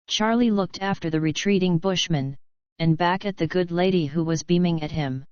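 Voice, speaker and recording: A woman narrating an audiobook in a measured, even reading. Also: on the low side, no room sound, highs cut off.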